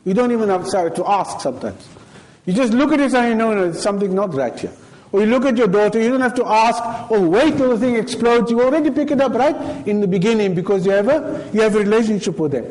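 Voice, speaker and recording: A man's voice: sits high, lively intonation, quick pace, darkish tone, rough recording. A man with a South African accent giving a sermon in a mosque, telling stories and asking rhetorical questions. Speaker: preacher.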